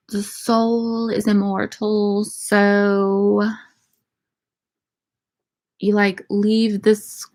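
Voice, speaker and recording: A woman's voice: mid-range voice, darkish tone. A young woman in casual Q&A chat, answering viewer questions with irreverent, profane, laughing banter. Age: young adult.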